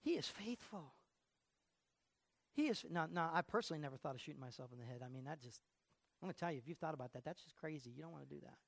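A woman pastor preaching a sermon in a church, animated and fond of asking the congregation questions, with frequent laughter. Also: deep voice, fast talker, vocal fry, no echo. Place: church sanctuary.

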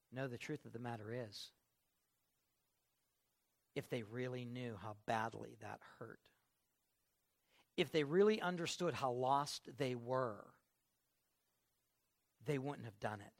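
A man preaching a sermon in an emphatic way, building to loud bursts and acting out the people he quotes. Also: mid-range voice, moderate pace, pauses often.

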